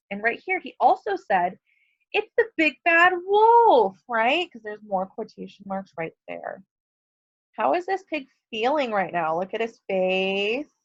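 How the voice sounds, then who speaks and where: A woman teacher reading a picture book aloud to her students, stopping to ask questions and explain. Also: mid-range voice. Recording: dull lo-fi recording.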